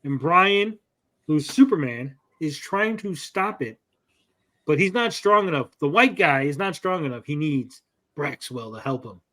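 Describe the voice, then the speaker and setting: A man's voice: a little high, lively intonation, measured pace, bright, forceful tone. A man hosting a casual comic book review, retelling the plot with sarcastic asides.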